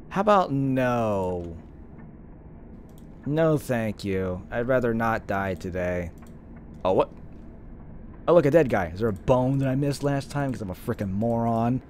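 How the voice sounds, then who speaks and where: A man's voice: mid-range voice, a little hiss or hum. Man swearing and laughing through a game. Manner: laughs at his own jokes, swears, thinks aloud. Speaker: gaming video host. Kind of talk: casual let's-play commentary.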